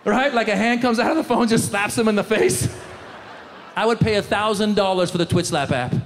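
Brief: male comic on stage, lively bits with shouted voices, high voice, live hall sound with faint noise. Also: fairly quick. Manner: animated, switches into loud shouted character voices. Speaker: stand-up comedian. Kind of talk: stand-up comedy set.

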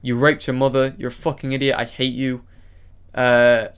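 Male vlogger, mid-range pitch, angry direct-address monologue full of profanity and repeated insults. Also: little pitch movement, moderate pace, smooth. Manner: furious, profane, repetitive insults with brief apologetic asides. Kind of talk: angry ranting monologue addressed to one person.

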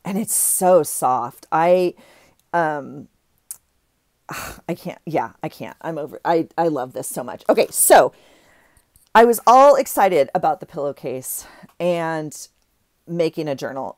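Low-voiced woman rambling happily about craft finds, starts and stops a lot, dry close mic. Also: animated, moderate pace, dry recording. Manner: gushing, rambling, self-interrupting. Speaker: craft vlogger. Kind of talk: casual haul chat.

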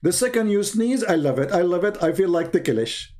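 A man's voice: high voice, expressive, fairly quick, darkish tone. A man voicing a giddy male god who is delighted by sneezes, speaking in a gleeful, pleading tone.

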